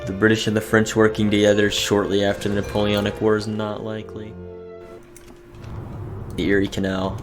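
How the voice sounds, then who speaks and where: A young man giving casual, excitable commentary over a strategy game, reading game events aloud. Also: fairly low pitch, a little fast, long pauses. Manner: chatty, excitable, reads in-game text aloud. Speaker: gaming video host. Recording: faint music behind.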